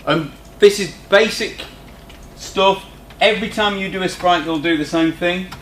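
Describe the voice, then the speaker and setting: A man walks through a coding tutorial in a loose, chatty way and drops in joking asides to the class. His voice sits a little higher than most men's. The room is echoey, with a faint hum behind him. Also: a little slow, a bit bright. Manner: chatty, informal, teasing asides. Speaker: teacher. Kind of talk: screen-recorded coding tutorial. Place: classroom with students present.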